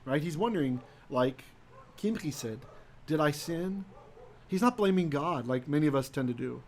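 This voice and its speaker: A man teaching a live-streamed Hebrew Bible lesson in a conversational way, often asking "right?" and reading Hebrew verses slowly aloud. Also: a little high, lively intonation, darkish tone, a little hiss or hum.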